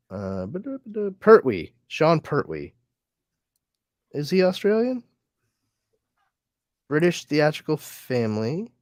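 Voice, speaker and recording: A podcast host with a high, darkish male voice chats casually, reading listener comments and rambling with frequent restarts and fillers. The recording is dry and has clean studio sound.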